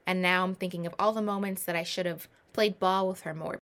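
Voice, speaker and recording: A woman in her twenties telling a personal story in a casual, animated, self-mocking way, with many rambling asides. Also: fairly low pitch, a little fast. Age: 20s.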